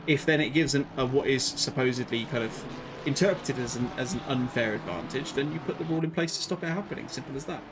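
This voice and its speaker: A chatty, rambling man commentates on a live sim racing stream, mid-pitched and easygoing. He laughs easily and drifts into side stories. Steady game noise sits behind his voice. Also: fast talker. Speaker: race commentator.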